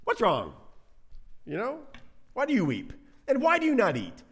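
A man voicing a clueless, exasperated husband who pleads in a strained, high tone. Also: wildly swooping pitch, normal speed, a bit bright, husky, heavily acted. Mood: pleading.

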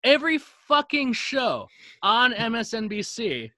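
A man's voice: extremely high pitch, unhurried, no echo. A man co-hosting a podcast in casual, emphatic chat, swearing freely as he rants. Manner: animated, profane, emphatic. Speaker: podcast co-host.

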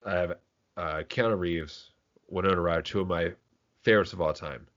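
A man's voice: low-pitched, normal speed, fairly bright tone. A man co-hosting a podcast, chatting casually about movies, rambling with frequent restarts and casual swearing. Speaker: podcast co-host. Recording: dull lo-fi podcast audio.

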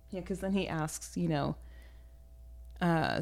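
A young woman co-hosting a casual book discussion, chatty and quick to laugh, with plenty of "like.". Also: low-pitched, lively intonation, creaky, a little mellow. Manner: laughs often, chatty, says "like" a lot. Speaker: podcast co-host.

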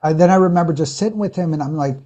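A man's voice: a little high, rapid-fire, dark tone. A man who serves as a pastor, talking through a personal story in a casual interview, earnest and reflective, often restarting his sentences.

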